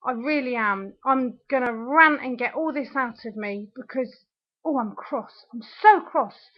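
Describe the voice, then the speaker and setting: A woman's voice: fairly high pitch, measured pace. A young woman recording an angry video diary at home, ranting, sarcastic and swearing, close to tears at times. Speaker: video diarist. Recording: dull lo-fi webcam audio.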